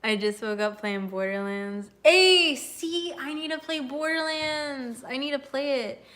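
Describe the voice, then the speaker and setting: Young woman, casual streamer chat, a bit high-pitched, laughs a lot, swears freely, at home. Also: measured pace, a bit bright. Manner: loose, laughing, swears casually, talks to her dogs. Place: her home.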